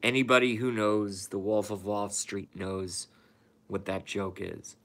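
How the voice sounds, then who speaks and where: A man talks slowly and loosely on a late-night live stream, rambling and swearing. His voice is somewhat low but bright and forward, and he sounds worn out from being up all night. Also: little pitch movement. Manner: rambling, profane, talks to his cat and chat. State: tired from staying up all night. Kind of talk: casual live stream chat.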